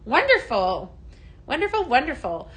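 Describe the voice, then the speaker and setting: A woman's voice: high voice, huge pitch swings, unhurried, a bit bright. A woman hosting a casual home-product livestream, chatty and upbeat, greeting viewers by name as she reads their comments. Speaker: livestream shopping host.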